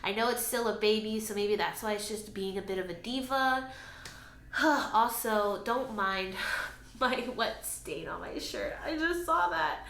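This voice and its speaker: A woman's voice: fairly high pitch, lively intonation, unhurried, a bit bright. A woman, chatting casually in a plant vlog and talking to her plants. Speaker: plant vlogger. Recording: echoey room with faint ambient noise.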